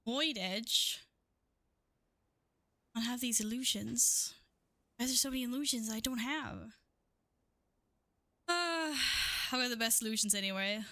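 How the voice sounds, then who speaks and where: A woman's voice: a little high, pushed and bright, dry recording. A woman game streamer chatting casually with her viewers while playing, giggly and talkative. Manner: chatty, giggly, talks to chat and herself. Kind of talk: casual live-stream chat while gaming.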